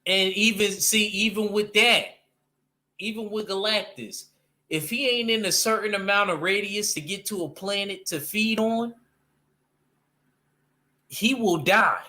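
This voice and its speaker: Man, slightly high pitch, sharp bright tone, animated casual talker who stumbles and restarts. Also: unhurried, long pauses. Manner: animated, loose slang, frequent restarts. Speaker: panel guest discussing comics. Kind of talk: casual chat.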